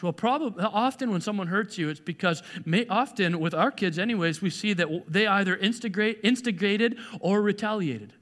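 Bright-voiced man preaching in an echoey hall. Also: sits high, normal speed. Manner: conversational, animated, acts out quoted voices; frequent restarts and repeated words. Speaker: pastor. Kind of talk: sermon.

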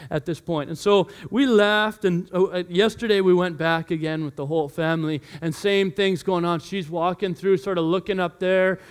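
Pastor, male, 30s, high light voice, animated storyteller who acts out his kids' voices. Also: clean tone. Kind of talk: sermon with personal story.

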